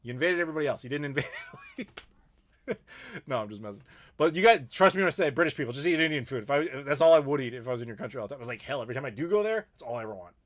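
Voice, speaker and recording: A man's voice: medium pitch, lively intonation, racing, hardly any pauses. A middle-aged American man hosting a casual live Q&A, ranting playfully and reading viewer messages. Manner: opinionated, playful ranting with laughs. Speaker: YouTube host.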